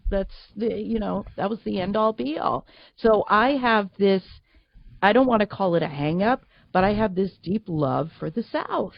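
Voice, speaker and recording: A woman's voice: mid-range voice, normal speed, vocal fry, no echo, muffled recording. A woman from Boston, guest voice actor, talking in a chatty, laughing way with many restarts. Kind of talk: casual interview chat.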